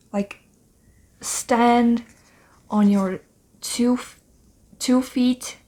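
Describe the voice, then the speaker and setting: A woman giving a spiritual tarot card reading in a soft, halting voice, often slipping into breathy whispers and filling pauses with "like" and "um". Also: mid-range voice. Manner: moved to tears, emotional. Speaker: tarot reader.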